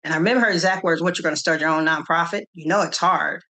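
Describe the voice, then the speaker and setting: A middle-aged woman from the Kansas City area, telling her story in an interview with animated quoted dialogue and frequent restarts. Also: lowish voice, fast talker. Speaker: interview guest, nonprofit founder.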